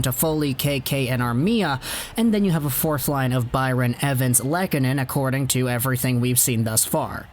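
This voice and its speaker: A male hockey commentator talking casually to his viewers. His voice sits a touch high and he sounds eager and chatty, dropping in the odd sarcastic remark. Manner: enthusiastic, chatty, sarcastic asides. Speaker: hockey channel host.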